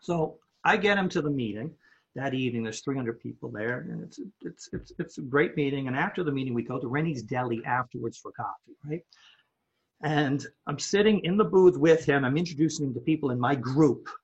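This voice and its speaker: A man guest telling a story in conversation, animated, acting out what people said and repeating words when worked up. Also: medium pitch, a little fast, husky. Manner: animated, acts out quoted dialogue, repeats words when excited. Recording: dull lo-fi recording.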